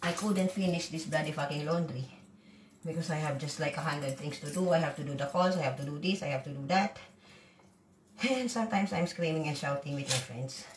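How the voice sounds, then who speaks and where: A woman's voice: sits low, brisk. A woman ranting bluntly and swearing freely while cooking and doing chores at home in a casual vlog. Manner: blunt, swearing, defiant rants between chores. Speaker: vlogger. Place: home kitchen, echoey room, away from the mic. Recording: echoey room, far from mic, loud background noise. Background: kitchen clatter of pots and dishes.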